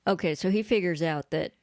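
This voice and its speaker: Female co-host; chatty plot recap with quick character voices, dry close mic. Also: lowish voice, no echo. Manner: animated retelling with quick quoted voices. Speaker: podcast co-host. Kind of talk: casual chat recapping a horror film.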